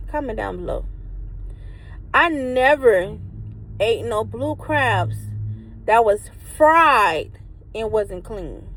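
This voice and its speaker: A woman's voice: medium pitch, a bit bright, slight background noise, poor audio. A woman reviewing a meal for her vlog, talking emphatically to viewers outdoors by a truck. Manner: emphatic, repeats herself, addresses viewers as y'all. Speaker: vlogger reviewing food. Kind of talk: casual vlog talk to viewers.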